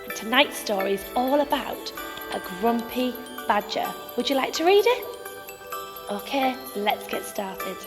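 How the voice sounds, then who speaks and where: Woman nanny narrating a children's storybook, expressive, reverberant room. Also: a little high, a little slow, over music.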